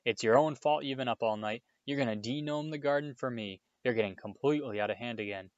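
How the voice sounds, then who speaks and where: Stern mother figure, storybook reading, fierce and fussy, a male reader puts her on; low-fi, dry. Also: fast, dry recording, lo-fi sound, natural voice. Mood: snapping. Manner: scolding, loud bursts, motherly to the guest. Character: stern, worried mother of seven, fierce temper.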